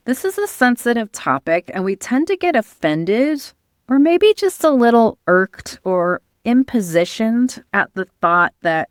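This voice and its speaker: Woman host teaching over slides, talks slow with a lot of lift and fall, dry close sound. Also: fairly low pitch, no echo. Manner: calm, earnest, explanatory. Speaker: podcast host and spiritual teacher.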